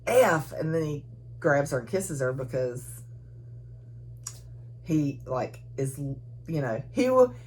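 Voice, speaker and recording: A woman casually recapping a novel, chatty and quick to laugh. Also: very deep voice, big pitch swings, a little mellow, slight background noise. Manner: chatty, giggly, frequent laughter. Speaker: book reviewer.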